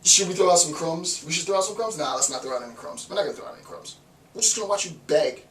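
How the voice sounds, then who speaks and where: A man's voice: fairly high pitch, racing, a bit bright, close to an everyday voice. A man putting on the voice of a gloating onlooker who taunts and giggles at people begging. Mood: taunting. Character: gloating mocking onlookers, sneering at beggars. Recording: roomy, distant mic, faint noise.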